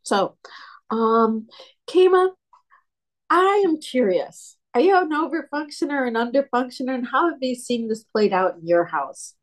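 A woman pastor leads a panel discussion in a fairly high voice. She tells her stories with animated emphasis, and her pitch climbs when she makes a point. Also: a little slow. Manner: animated storyteller, voice rising with emphasis. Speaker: pastor and mediator.

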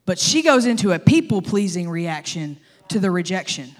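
Animated, humorous woman pastor. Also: fairly low pitch, normal speed. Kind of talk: sermon.

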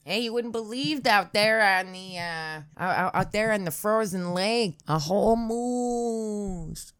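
A woman doing an exaggerated put-on Midwestern accent, voicing a folksy storyteller with wide drawn-out vowels and a slow, rambling manner. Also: medium pitch, fairly bright tone, clean tone, pitched above the performer's own voice.

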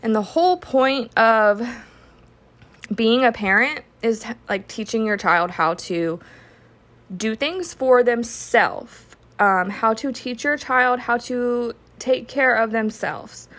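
A woman's voice: a little high, slow pace, fairly bright tone. A young adult woman hosting a solo podcast, talking candidly and reflectively, with casual fillers and the odd swear word. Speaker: podcast host.

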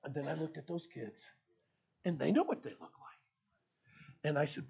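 Man preaching to teens, high husky voice, jumps hushed to loud, muffled lo-fi sound. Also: normal speed, long pauses. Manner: animated, swings between hushed and loud. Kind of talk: storytelling sermon to teenagers.

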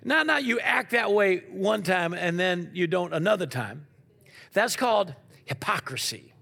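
A man preaching a sermon, asking the congregation questions and swinging from loud to quiet. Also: high voice, a little slow, creaky, husky. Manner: animated preaching with call-and-response questions. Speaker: pastor.

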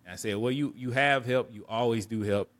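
An adult man co-hosting a podcast tells a personal story candidly, earnest and reflective, often restarting and repeating words. His mid-range voice has a fairly bright tone and moves a little fast.

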